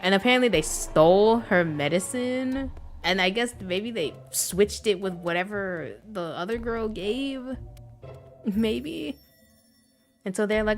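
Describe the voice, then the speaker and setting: A young adult woman chatting casually on a gaming livestream, rambling and animated, with frequent laughs and filler words. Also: medium pitch, normal speed, faint music behind. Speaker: gaming streamer.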